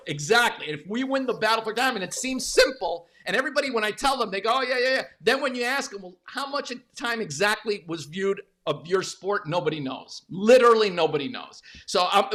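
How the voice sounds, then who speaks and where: A man being interviewed, telling stories in a candid, emphatic way with casual swearing and frequent restarts. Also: high voice. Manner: emphatic, profane, repeats words when animated. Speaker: interview guest, former media executive. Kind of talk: candid conversational storytelling.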